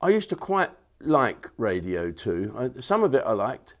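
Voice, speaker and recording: A man's voice: medium pitch, big pitch swings, measured pace. A man, delivering a blunt, crude comedic rant to camera. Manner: blunt, crude and jokey, with asides and restarts.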